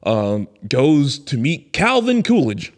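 A man's voice: a little high, very animated, slow pace. A man co-hosting a podcast, telling a movie story in casual chat, laughing and acting out quotes. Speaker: podcast co-host.

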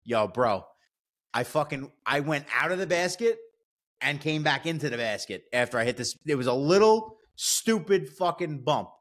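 A man in casual chat, telling profane, animated stories about work accidents. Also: on the high side, moderate pace.

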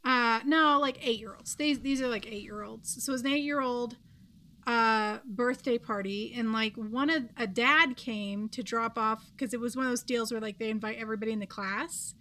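A woman's voice: a little high, normal speed, sharp tone. A woman in her thirties co-hosting a podcast, chatting casually with lots of fillers and a wry tone. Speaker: podcast co-host. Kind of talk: casual chat.

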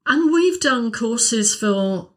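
Soft-spoken woman co-hosting a podcast. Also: fairly high pitch, animated, very slow. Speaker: podcast co-host, voice coach. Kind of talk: casual podcast chat.

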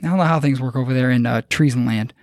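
A man's voice: medium pitch, fast talker, dry recording. A man hosting a podcast, retelling a story in loose, profane, joking chat. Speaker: podcast host.

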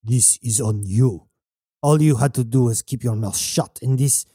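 A man voicing a grim, vengeful husband in an audiobook, speaking low and flat. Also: measured pace, breathy edge, dry recording, studio quality. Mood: cold. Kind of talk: audiobook narration.

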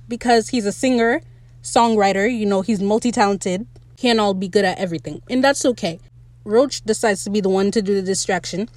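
A woman's voice: mid-range voice, dry recording. Chatty young woman podcaster, dry close mic. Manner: chatty, excitable, quotes characters in playful voices. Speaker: podcast host. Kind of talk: casual solo recap podcast.

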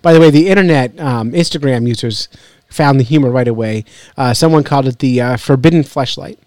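Joking podcast host, dry close sound. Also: male voice, medium pitch, fairly quick, darkish tone, dry recording. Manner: joking, rambling, laughs often. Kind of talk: casual chat.

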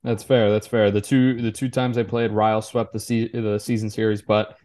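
Casual sports podcast co-host, male, lowish voice, stumbles and restarts a lot. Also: little pitch movement, a little mellow. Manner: halting, with many restarts and repeated words.

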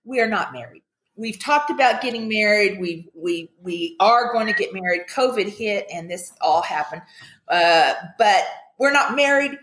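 An older woman chatting upbeat on a video call, telling stories with animated quotes. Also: medium pitch, moderate pace, roomy sound. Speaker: guest, commercial actress. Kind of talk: casual chat on a video call.

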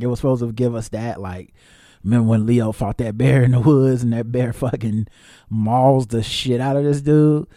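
Mellow-voiced man in rambling podcast chat. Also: mid-range voice, no room sound, clean studio sound. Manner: rambling and candid, with many fillers, restarts and casual swearing. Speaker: podcast host reviewing a film. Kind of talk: casual solo podcast chat.

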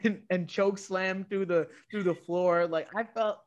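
A man's voice: sits high, steady tone, a little slow, dull audio. A man co-hosting a podcast, rambling and playful in casual chat, defending himself with a laugh. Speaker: podcast co-host.

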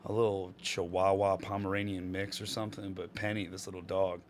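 A man's voice: low voice, flat delivery, brisk, slight background noise. Laid-back man, slangy storyteller. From Rhode Island. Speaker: stand-up comedian, guest. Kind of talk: casual podcast chat.

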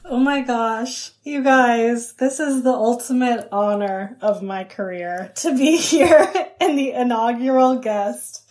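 A woman's voice: a little high, slow pace, few pauses, a little mellow. A young woman, a writer and comedian, chatting as a podcast guest in a rambling, giggly way. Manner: chatty, rambling with fillers and laughs. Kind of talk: casual interview chat.

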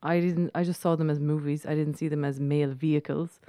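Irish female co-host, low register, sardonic conversational delivery, dry studio sound. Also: flat delivery, a little fast, mellow, no room sound. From Ireland. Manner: chatty, sarcastic asides. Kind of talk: casual chat, film review.

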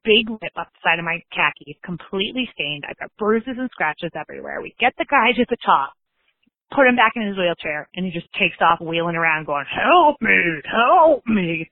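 A young adult woman calling in to tell a lively story, acting out the voices of the people in it. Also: mid-range voice, fairly quick, no room sound. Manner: animated, acts out quoted voices. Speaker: caller leaving a voicemail. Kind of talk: casual storytelling. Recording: tinny phone line.

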